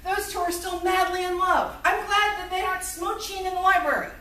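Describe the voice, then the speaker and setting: A woman in her forties lecturing to a college class, telling a personal story in an animated way and acting out what people said. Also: very high-pitched, a little fast. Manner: lively, animated storytelling with acted-out quotes. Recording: echoey room, recorded from far off.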